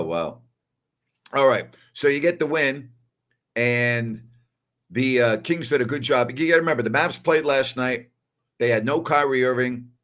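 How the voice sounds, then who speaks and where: A man's voice: mid-range voice, fairly bright tone. A man with a New York accent hosting a casual postgame show, who reads viewer comments and makes his point emphatically with repeated tag questions. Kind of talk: casual livestream chat, reading viewer comments.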